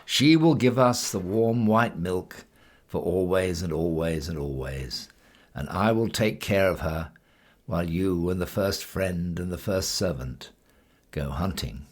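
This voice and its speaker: A man's voice: sits low, animated, a little slow. A man voicing a wise, self-assured cave woman who teases and bargains in a storybook reading. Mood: mocking.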